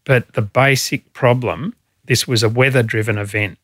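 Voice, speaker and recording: A man's voice: medium pitch, fairly even intonation, moderate pace, fairly bright tone, no echo, clean studio sound. A middle-aged Australian man, a former fire commissioner, answering interview questions earnestly and with emotion, using frequent fillers.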